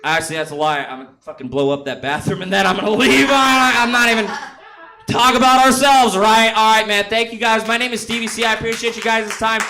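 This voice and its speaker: A man's voice: high-pitched, fairly even intonation, fairly quick, noisy background. A man doing a rambling, profane stand-up set on a comedy club stage, often laughing at his own jokes. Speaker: stand-up comic.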